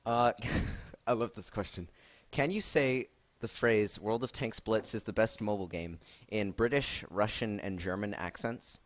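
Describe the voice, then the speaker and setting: A man's voice: fairly low pitch, measured pace, few pauses. A man hosting a casual Q&A on his stream, rambling with many fillers and laughs. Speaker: stream host asking questions.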